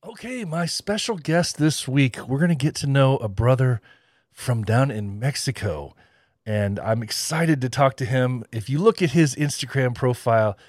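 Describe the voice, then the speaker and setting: A man's voice: mid-range voice, expressive, normal speed, darkish tone, no room sound, studio quality. A man hosting a podcast, chatting casually and rambling, with frequent laughs. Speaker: podcast host.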